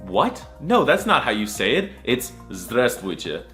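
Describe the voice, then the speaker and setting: A man's voice: medium pitch, sing-song, measured pace, pushed and bright, faint music behind. A young man giving comic scripted narration in a mock-serious, crude style, breaking into silly repeated sounds. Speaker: comedic video narrator.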